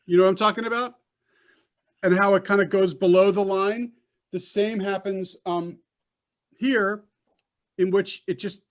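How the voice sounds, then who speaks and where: In a high, fairly bright voice, a man leads a Hebrew lesson on a video call. He is patient and repetitive, regularly making sure his students understand.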